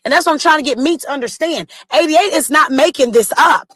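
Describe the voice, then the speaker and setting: A woman's voice: sits high, brisk, few pauses, a bit bright, no echo, rough recording. A woman hosting a stream, talking bluntly and with a lot of profanity, insisting she is not lying. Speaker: stream host. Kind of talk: heated casual chat.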